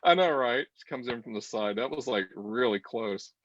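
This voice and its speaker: Animated, rambling man on a video call. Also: mid-range voice, moderate pace, dry recording, lo-fi sound. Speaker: co-host. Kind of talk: casual chat.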